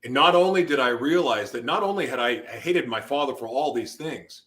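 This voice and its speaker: A man's voice: mid-range voice, a little fast, a bit bright. A man in an interview telling an intense personal testimony, his voice rising into sudden emotional outbursts. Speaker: guest.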